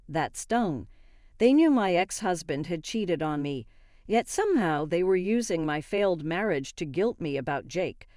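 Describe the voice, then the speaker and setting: Woman narrator, first-person story, steady delivery, low warm dry voice. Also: unhurried, no room sound.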